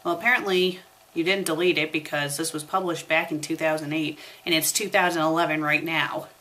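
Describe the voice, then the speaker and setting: A woman's voice: deep voice, fairly even intonation, fairly quick, bright, forceful tone. Sarcastic young woman reviewing fanfiction. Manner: sarcastic asides. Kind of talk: comedic review, reading aloud.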